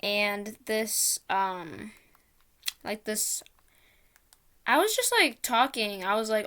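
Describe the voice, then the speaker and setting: A woman's voice: mid-range voice, sing-song, slow, long pauses, pushed and bright. A woman vlogger telling a casual, rambling story with lots of fillers, often mocking herself.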